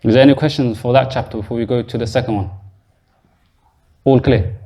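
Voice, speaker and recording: A middle-pitched Arabic teacher leads a grammar class in a mosque, repeating each word, explaining patiently step by step and stopping to quiz students. His intonation is fairly even, his pace brisk and his tone dark.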